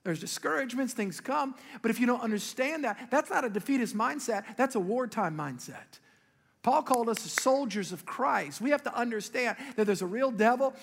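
A man preaching a sermon as pastor, telling a story with lively swings between loud and sudden quiet emphasis. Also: extremely high pitch. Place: large church hall. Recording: long hall reverb.

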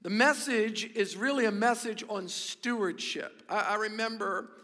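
A pastor with a high, bright voice preaches energetically and jokingly, though unhurried, addressing the congregation directly. He often repeats words as he restarts, and his sermon echoes with long reverb through a large church hall.

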